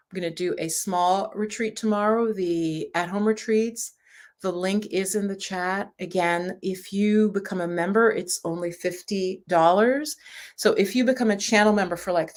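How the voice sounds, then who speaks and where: A woman yoga teacher chatting on a livestream through her computer mic. Her voice sits a little low, and her talk is casual and reassuring. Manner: chatty, reassuring, sometimes laughing.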